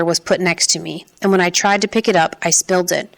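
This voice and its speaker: A woman reading a first-person story aloud in a measured, steady way. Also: fairly low pitch, creaky. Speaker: audiobook narrator. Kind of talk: first-person scripted narration.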